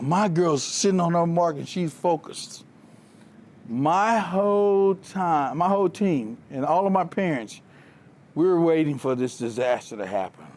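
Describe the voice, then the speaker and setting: Animated storytelling male keynote speaker. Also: a little high. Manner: animated, laughs through his own stories. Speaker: keynote speaker, former track coach. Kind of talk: motivational storytelling talk. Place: live event before an audience.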